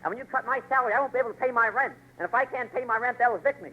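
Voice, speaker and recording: A man's voice: very high-pitched, rapid-fire. An actor playing Norman, a fretful nephew who rambles through a chain of worries, in 1940s radio comedy acting on a tinny old broadcast. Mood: fretting.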